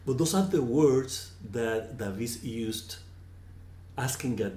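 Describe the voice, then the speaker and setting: Slow, earnest man teaching in a roomy space. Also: medium pitch, mellow, slight background noise. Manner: slow, earnest, repeats words when emphatic. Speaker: spiritual teacher. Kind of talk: reflective teaching on scripture.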